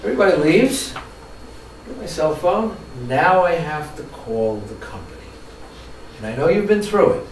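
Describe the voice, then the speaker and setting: Heard from a distant mic in an echoey room, a man with a slightly high voice talks at normal speed over slight background noise. He's running a training workshop, telling stories in an animated way and asking the audience questions.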